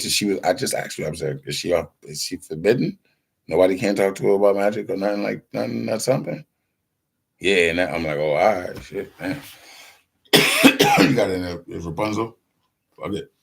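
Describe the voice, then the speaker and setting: A man rambles through stories in a loose, slangy, profane monologue, acting out the voices of the people in them. His voice sits very low, with a gravelly edge and a husky, rough tone. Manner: loose storytelling, slangy, profane, acts out quoted voices, laughs often.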